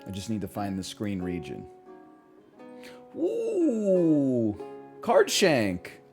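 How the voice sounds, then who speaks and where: A man's voice: sits low, moderate pace, vocal fry, music in the background. A man streaming a casual chat, ranting in disbelief with frequent laughs. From Canada. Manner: incredulous, animated ranting with laughs.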